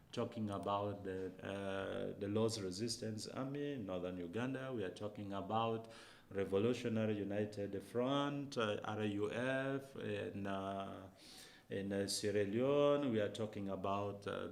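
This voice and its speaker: A man, a professor, giving an academic lecture, posing rhetorical questions and pausing often with hesitations. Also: medium pitch.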